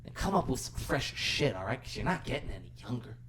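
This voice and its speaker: A man in casual podcast chat, recapping a film scene by scene. His pitch swings widely as he slips in and out of the characters' voices, mid-range overall and loose in delivery. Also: quick pace, background noise. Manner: animated, acts out characters' lines while retelling scenes. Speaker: podcast co-host.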